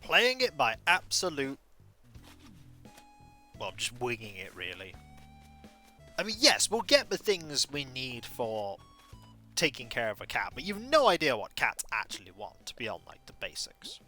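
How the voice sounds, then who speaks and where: A man's voice: mid-range voice, wildly swooping pitch, measured pace, long pauses, sharp tone, faint music behind. A man in his thirties streaming a video game, chatting in a playful, rambling, self-mocking way. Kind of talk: casual live game stream commentary.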